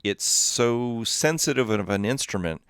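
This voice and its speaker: A man's voice: mid-range voice, lively intonation, unhurried, a bit bright, slight background noise. A man with a Southern Texas accent, chatting casually on a gaming livestream, rambling and reading viewer chat aloud. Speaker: streamer.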